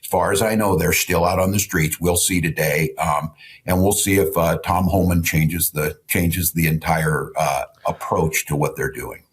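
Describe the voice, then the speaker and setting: A man governor answering questions in a TV news interview, measured and cautious, holding back anger. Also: sits low, steady tone. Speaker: state governor.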